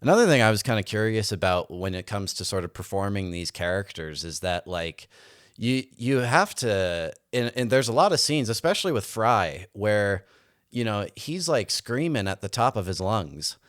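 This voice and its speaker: A man's voice: on the low side, lively intonation, moderate pace, a bit bright, no room sound, clean studio sound. A man hosting a casual interview, asking earnest, hesitant questions. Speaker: podcast host.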